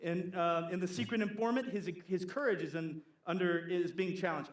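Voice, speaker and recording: A man preaching a sermon as pastor, animated and playful, acting out gossiping church members in funny voices. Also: fairly high pitch, fairly quick, hardly any pauses, reverberant.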